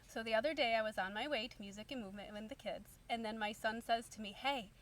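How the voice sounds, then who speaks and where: A woman's voice: a little high, steady tone, fast talker. A woman in her thirties, a stay-at-home mom, telling a story to camera in a chatty, upbeat way full of fillers. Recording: distant mic, faint background hum.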